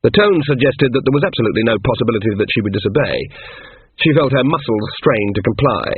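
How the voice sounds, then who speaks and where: Breathy man narrating a novel, tinny line. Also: mid-range voice, expressive, fast talker, dry recording. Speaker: audiobook narrator. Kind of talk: scripted narration. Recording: tinny phone-like, dry.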